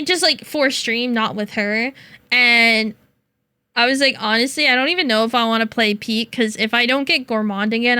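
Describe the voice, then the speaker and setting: Young woman streamer ranting to chat, high bright voice, dry close mic. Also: no room sound. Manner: animated venting, swearing and laughing.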